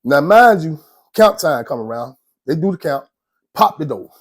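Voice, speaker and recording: A man from Georgia with an Atlanta accent telling prison stories in a casual, slangy, animated way. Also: on the high side, normal speed, husky, no room sound. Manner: animated, slangy, laughs often between lines. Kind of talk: casual storytelling.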